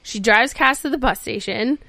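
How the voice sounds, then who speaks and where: A woman podcast host giving a casual, animated recap of a TV episode, acting out the characters' lines and swearing freely. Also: on the high side, moderate pace, vocal fry, dry recording, clean studio sound. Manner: animated storytelling, acts out quotes, swears freely.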